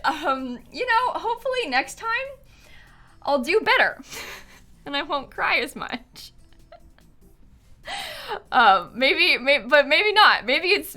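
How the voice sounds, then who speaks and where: A young woman chats on a live stream in a high, bright voice, shaken and close to tears. She rambles, filling her sentences with "like" and "um" and breaking into nervous laughs. Soft music plays faintly behind her. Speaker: game streamer. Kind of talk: casual live-stream chat.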